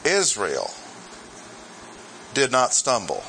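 A man giving verse-by-verse Bible teaching to a gathered group, deliberate and emphatic, stressing and repeating his key points. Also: mid-range voice, wildly swooping pitch, bright, forceful tone, a little hiss or hum, rough recording.

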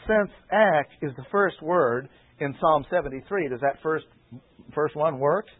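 A man's voice: a little high, husky. Man teaching scripture over tinny radio. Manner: measured, deliberate, repeats key phrases for emphasis. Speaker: preacher. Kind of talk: expository Bible teaching. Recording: tinny phone-like old radio recording.

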